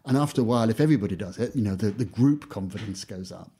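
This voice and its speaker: A man's voice: fairly low pitch, expressive, very fast, warm tone, husky. A man who teaches English, talking casually in an interview and acting out classroom exchanges, with lots of "you know" fillers.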